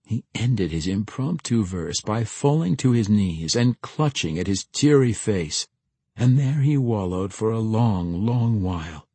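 Husky, expressive male audiobook narrator. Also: on the low side, measured pace, dry recording. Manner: expressive storytelling. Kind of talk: scripted fantasy narration.

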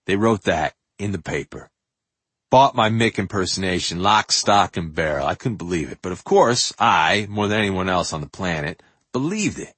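An older man from New York reading his own memoir in an animated, profane way, with loud bursts and hushed asides. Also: lowish voice, husky, dry recording. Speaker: memoir narrator. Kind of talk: audiobook memoir narration.

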